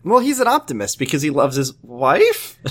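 A man's voice: on the high side, huge pitch swings, normal speed. A man co-hosting a podcast, recapping a show in casual chat with sarcastic jokes and frequent laughs. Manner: joking, sarcastic, laughs often. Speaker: podcast co-host.

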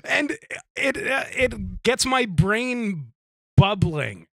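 Halting high-voiced man, slow and dry. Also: big pitch swings, vocal fry, pushed and bright, no echo. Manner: halting, many fillers and restarts, earnest. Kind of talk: casual chat.

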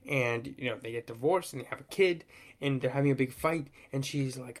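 A man in casual chat, quickly riffing and agreeing with his co-host. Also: mid-range voice.

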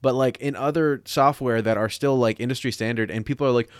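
A man of mid pitch co-hosting a podcast, gushing enthusiastically with plenty of swearing. His voice is recorded dry and close. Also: steady tone, no room sound. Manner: enthusiastic, profane, fast-flowing tangents. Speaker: podcast co-host. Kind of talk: casual podcast banter.

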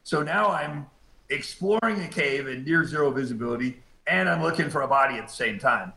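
A man's voice: fairly high pitch, fairly quick, creaky, bright, forceful tone, roomy sound, poor audio. A middle-aged man, a cave rescue diver, telling a story in a laid-back way and acting out the quotes. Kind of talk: storytelling in a casual interview.

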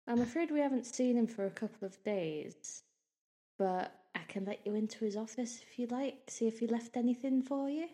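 A woman voices a chatty institute clerk who feeds on gossip. Her tone is mellow and dark, with homely turns of phrase. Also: on the high side, moderate pace, voice pushed up, close to an everyday voice. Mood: confiding.

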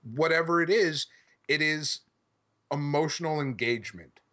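A man's voice: fairly high pitch, normal speed, sharp tone. A male podcast host in casual chat, rambling enthusiastically and swearing freely. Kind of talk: casual chat about comics.

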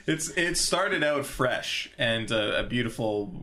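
A man's voice: medium pitch, lively intonation, slow pace, sharp tone. A man playing a tabletop game, playful and often laughing. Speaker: player. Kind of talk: tabletop role-play.

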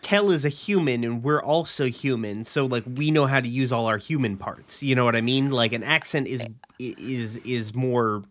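A man chatting as a player in a tabletop role-playing game, rambling with lots of fillers and quick laughs. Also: mid-range voice. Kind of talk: tabletop role-play banter.

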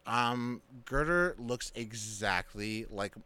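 A man's voice: mid-range voice, slow pace, sharp tone, clear, resonant tone. A man co-hosting a podcast, talking casually about a film in rambling sentences full of fillers and restarts. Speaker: podcast co-host.

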